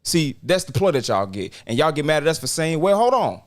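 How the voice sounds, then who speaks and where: A man's voice: fairly high pitch, animated, brisk. A man co-hosting a casual discussion, speaking with passionate, preacher-like emphasis. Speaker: podcast co-host.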